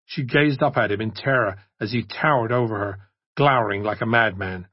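A man reading an audiobook in steady scripted narration, on a dry, dull recording. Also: fairly low pitch, normal speed, husky, no room sound.

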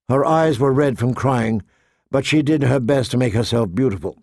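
A man with a mid-range voice narrates an audiobook, his storytelling measured and expressive. The recording is dry and has a clean studio sound.

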